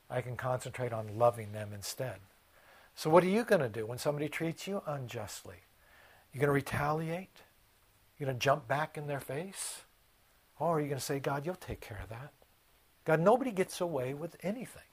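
A man preaching a sermon, swinging from hushed, quiet passages to loud, impassioned ones. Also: medium pitch, expressive, moderate pace, husky. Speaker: pastor.

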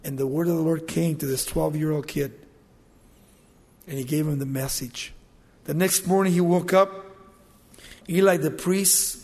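A high-pitched man preaching a sermon, telling the story in a lively way and acting out the characters' lines. His voice rings with a long hall echo, as if recorded in a large church. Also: measured pace, husky. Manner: animated retelling, acting out quoted voices.

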